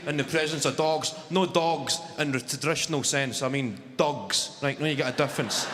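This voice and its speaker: Scottish comedian in a reverberant hall. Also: male voice, medium pitch, steady tone, moderate pace, a little hiss or hum. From Scotland. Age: 20s. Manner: wry storytelling with dry asides. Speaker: stand-up comedian. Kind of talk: stand-up comedy. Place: theatre stage. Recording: large hall with loud crowd ambience. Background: audience laughter.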